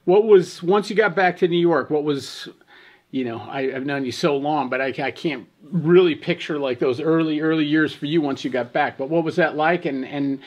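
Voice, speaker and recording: A man's voice: a little high, normal speed. A man hosting an interview, asking long, searching questions with many restarts. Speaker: interview host. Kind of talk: casual interview.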